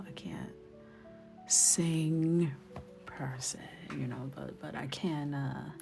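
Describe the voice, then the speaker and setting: A woman hosting a live coloring stream, chatting playfully with her viewers and often dropping into a whisper. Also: sits low. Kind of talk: casual live-stream chat.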